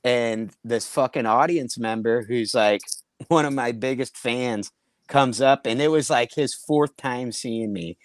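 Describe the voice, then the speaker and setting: A man's voice: medium pitch, a little slow, no room sound. Brief: male comic spinning a crude road story, dry close mic, acts out the voices. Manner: rambling, profane, acts out quoted voices. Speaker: comedian telling a story. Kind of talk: casual storytelling chat.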